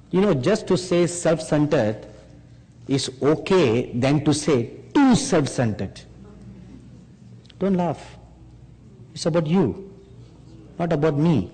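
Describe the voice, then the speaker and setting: A man preaching a sermon, speaking slowly and emphatically and rising on rhetorical questions to his listeners. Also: on the high side, big pitch swings, warm tone, husky. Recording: long hall reverb.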